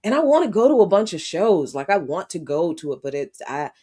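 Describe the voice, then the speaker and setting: A woman's voice: on the low side, big pitch swings, a little fast, mellow, husky. A woman co-hosting a morning talk show, chuckling and restarting her sentences as she chats. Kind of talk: casual radio banter.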